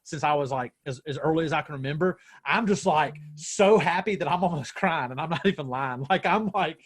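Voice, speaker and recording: A young adult man, a pastor, telling a story with growing excitement in casual chat on a video call. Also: fairly high pitch, a little fast, slightly rough. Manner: excited storytelling, self-described nerd.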